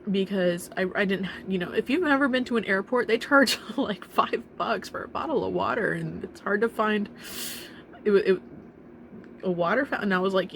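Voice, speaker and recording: A young woman telling a painful personal story in a halting, emotional way, with nervous laughs and restarts. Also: medium pitch, vocal fry, a bit bright, a little hiss or hum. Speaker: vlogger telling her own story.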